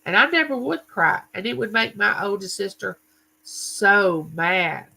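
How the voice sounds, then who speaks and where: A man's voice: sits high, lively intonation, unhurried, vocal fry, sharp tone, slightly rough, low-quality recording. Chatty man hosting a live chat. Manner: chatty, tells stories and greets viewers by name. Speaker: livestream host. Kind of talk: casual livestream chat.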